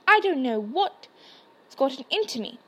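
A woman's voice: high-pitched, big pitch swings, unhurried, a bit bright, heavily acted. A woman voicing a bossy, studious schoolgirl witch who talks in an insistent, exasperated way.

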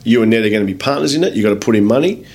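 In a relaxed podcast interview, an Australian man with a fairly low voice shares business anecdotes in rapid-fire fashion. He's loose and animated, swearing freely, addressing people as mate, and doing the voices of the people in his stories.

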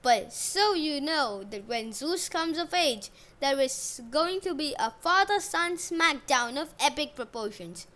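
Storybook podcast host, a woman with a high voice, unhurried narration and jokey asides. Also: lively intonation, fairly bright tone. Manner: jokey asides, modern slang. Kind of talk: casual myth storytelling podcast.

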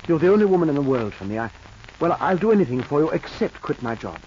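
An actor playing a meek, stammering man courting a woman in a 1940s radio drama, halting and bashful in his speech. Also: a little high, sing-song, darkish tone. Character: meek stammering swindler posing as shy suitor. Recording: muffled old radio recording, faint hiss.

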